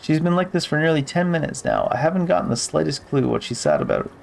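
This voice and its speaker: A man's voice: fairly high pitch, huge pitch swings, quick pace, gravelly, slight background noise. A man giving casual gameplay commentary who reads game text aloud and swears offhandedly. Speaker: gamer.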